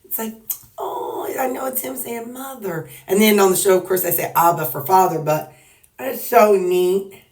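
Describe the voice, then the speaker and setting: Far from the mic in a roomy space, a woman with a mid-range, darkish voice speaks at normal speed. She's a Missouri weight-loss vlogger with a Southern US accent, chatting casually to camera for her followers in a folksy, joking, rambling way.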